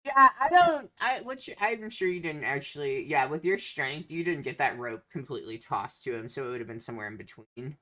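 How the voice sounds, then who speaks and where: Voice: medium pitch, sing-song, a little fast, hardly any pauses, bright, forceful tone. A game master narrating a tabletop game, hesitant and full of filler sounds.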